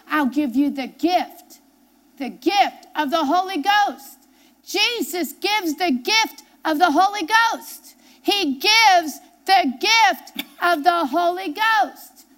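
A woman pastor delivers a sermon in a strikingly high voice. She reads scripture aloud, then presses her points with emphatic repetition and direct questions to the congregation. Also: a bit bright. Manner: emphatic, repeats key phrases, asks the congregation questions.

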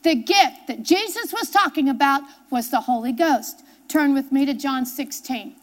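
Woman pastor preaching, super high voice, reads scripture then hammers the point, keeps asking the church questions. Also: expressive, moderate pace. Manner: emphatic, repeats key phrases, asks the congregation questions. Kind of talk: sermon with scripture reading.

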